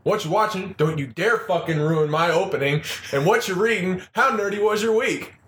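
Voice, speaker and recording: A man's voice: high voice, moderate pace, fairly bright tone, a little hiss or hum. A man co-hosting a casual podcast, joking crudely and doing mock-announcer introductions. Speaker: co-host.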